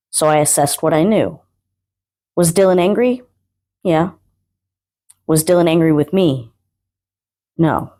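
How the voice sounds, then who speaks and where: A woman's voice: low-pitched, unhurried, pauses often, mellow. A young adult woman and guest poet, performing a spoken word piece with a rhythmic, rhyming delivery.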